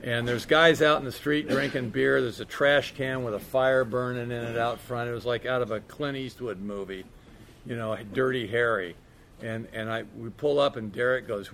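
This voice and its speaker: A man's voice: medium pitch, normal speed, vocal fry, a bit bright. A man candidly telling a recovery story in a casual, profane way, peppered with "man" and "you know". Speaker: speaker sharing his recovery story.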